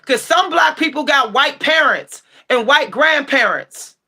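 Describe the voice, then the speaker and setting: A high-voiced woman with a bright, sharp edge, going off at her livestream chat. She is blunt, sassy and profane, and rises to shouting when she gets heated. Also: expressive, unhurried. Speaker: livestream tarot channel host.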